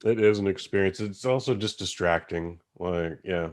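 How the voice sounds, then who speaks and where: A young adult man hosting a podcast, chatting casually about movies in a rambling, animated way with casual swearing. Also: low-pitched, moderate pace. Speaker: podcast host. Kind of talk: casual movie-review chat.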